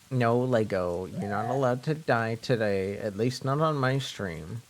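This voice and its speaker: A man's voice: mid-range voice, animated, slow, a little hiss or hum. A man from French Canada streaming live, chatting casually and jokingly with his viewers, rambling and often repeating himself.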